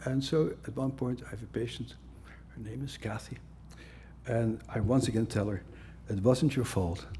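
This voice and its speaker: A man's voice: medium pitch, fairly even intonation, moderate pace, mellow, slight background noise. A man giving a conference lecture as a psychiatrist, blunt and conversational with a wry humor.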